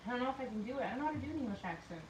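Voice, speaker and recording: A giggly woman with a fairly high voice hosts a casual workshop livestream and reads viewer comments aloud. She sounds far from the mic in an echoey room. Clear noise runs in the background. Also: expressive, racing. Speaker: livestream host reading chat.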